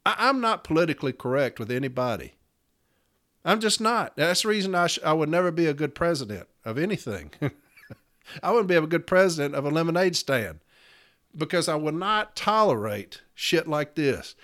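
A man's voice: a little high, big pitch swings, normal speed, a bit bright. Fired-up man ranting on a podcast. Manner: profane, fired-up, rallying. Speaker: union podcast host. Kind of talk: fiery podcast rant.

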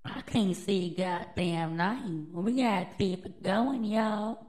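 A woman's voice: mid-range voice, takes it slowly, a little mellow, rough recording. A woman, hosting a podcast and riffing on news stories in a brash, profane, drawling way. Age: adult, with children. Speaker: podcast host. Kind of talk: casual news commentary.

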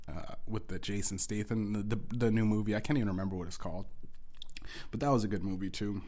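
Give me a man with a lowish voice telling a rambling, profane story on his podcast. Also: darkish tone. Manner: rambling, profane, lots of restarts. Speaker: podcast host. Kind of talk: casual storytelling.

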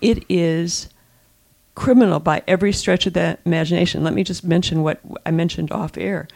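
A woman co-host speaks in casual political chat with a gravelly, creaky texture. She is emphatic and often repeats and restarts her phrases as her thoughts build. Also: fairly low pitch, fairly even intonation, moderate pace, darkish tone. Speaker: co-host and columnist.

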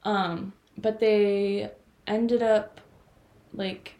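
A woman's voice: medium pitch, level tone, very slow, warm tone. A woman in her twenties co-hosting a podcast, rambling through stories in casual chat with lots of filler words. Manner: rambling storytelling with many "like" fillers. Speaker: podcast co-host.

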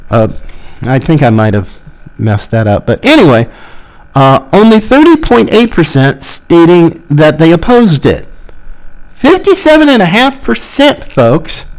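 A man's voice: fairly high pitch, sing-song, measured pace, a little mellow, rough recording. A man hosting a podcast, delivering sarcastic, exasperated political commentary. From Florida. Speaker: podcast host.

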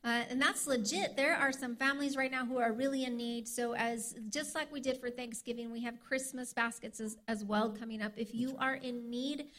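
New church lady doing announcements, higher voice, jumps in a lot. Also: steady tone, normal speed, hardly any pauses, fairly bright tone. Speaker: church leader.

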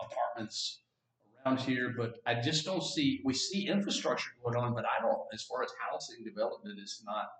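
A man from Texas chatting casually as a podcast co-host, rambling with restarts and fillers. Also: mid-range voice. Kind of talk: casual chat. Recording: roomy echo, a bit far from mic.

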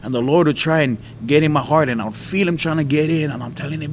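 A man's voice: a little high, fast talker, few pauses, darkish tone, a little hiss or hum. A man from Hawaii, telling a personal faith testimony in an earnest, conversational way.

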